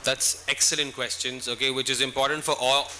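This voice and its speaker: A man's voice: medium pitch, little pitch movement, a little fast, noisy background. A man answering student questions at a school event, instructive and checking in often with "okay?". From India.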